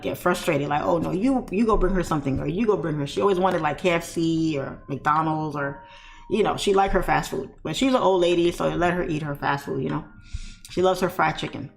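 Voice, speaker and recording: A woman's voice: sits low, gravelly. A woman streamer in casual, heartfelt chat, talking candidly and rambling with lots of "you know" fillers. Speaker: trading streamer.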